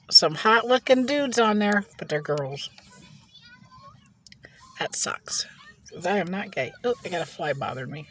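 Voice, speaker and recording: A woman with a mid-range, slightly bright voice vlogs while eating, with slight background noise. Sitting in a car, this mukbang vlogger tells rambling, gossipy stories in a casual, chatty way and laughs often.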